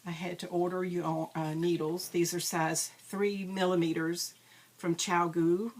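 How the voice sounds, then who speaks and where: A woman's voice: on the low side, level tone, a little slow. A woman hosting a crafting videocast, chatting casually and rambling with frequent ums and self-deprecating asides. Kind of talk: casual show-and-tell chat.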